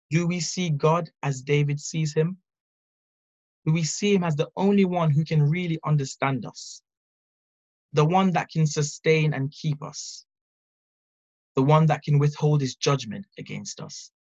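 A speaker giving an earnest, measured devotional Bible teaching, reading scripture and reflecting on it. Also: medium pitch, highs cut off. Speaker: preacher.

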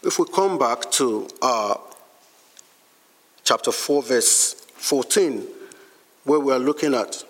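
Slow, deliberate preacher man in a reverberant hall. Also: medium pitch, animated, fairly bright tone. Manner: slow, deliberate delivery with emphatic scripture readings. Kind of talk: sermon.

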